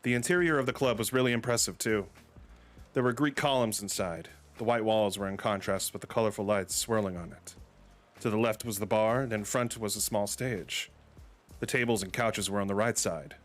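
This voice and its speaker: A man reading an amateur story aloud, with casual, deadpan asides. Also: on the low side, normal speed, soft background music.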